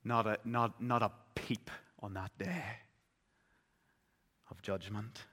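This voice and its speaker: A man preaching a sermon, telling the story vividly and swinging between loud, urgent passages and hushed ones. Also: lowish voice, fairly even intonation, takes it slowly, breathy edge. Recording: long reverb of a large hall.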